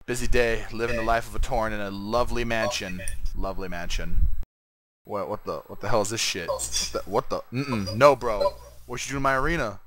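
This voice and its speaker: A man's voice: fairly low pitch, steady tone, fairly quick, a crowd in the background. A man casually commentating his own video game duel, joking, swearing and trash-talking his opponent. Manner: joking trash talk, lots of laughing and swearing.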